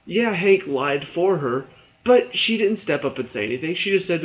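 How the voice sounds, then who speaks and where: A man's voice: fairly high pitch, lively intonation, moderate pace. Exasperated young man ranting, lo-fi. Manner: exasperated ranting, stumbles over words. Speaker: TV review vlogger. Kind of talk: casual spoken TV review.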